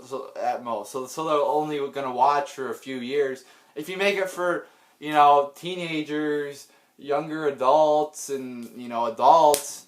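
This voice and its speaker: Exasperated man in a profane rant. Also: medium pitch. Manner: profane, heavy with "you know" fillers and restarts; exasperated, sighing. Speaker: wrestling commentary vlogger. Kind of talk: angry unscripted rant.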